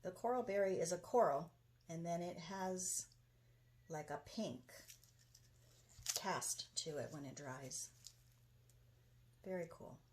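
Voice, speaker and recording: Woman host, casual tutorial, enthusiastic, slightly low pitch, home studio with faint noise. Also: slow, pauses often, a little mellow. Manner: chatty, enthusiastic, talks while working. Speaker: craft video host.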